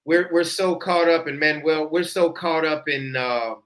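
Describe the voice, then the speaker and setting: Guy hosting a podcast, kinda high bright voice, repeats himself a lot. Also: measured pace. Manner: repeats himself, restarts sentences, laughs easily. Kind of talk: casual podcast chat.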